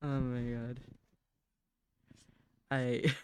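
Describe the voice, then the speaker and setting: A woman's voice: a bass voice, drawn-out words, long pauses, smooth. A woman live streaming while she draws, chatting casually, muttering to herself as she works and sometimes gushing to her cat, recorded on a desk microphone at home.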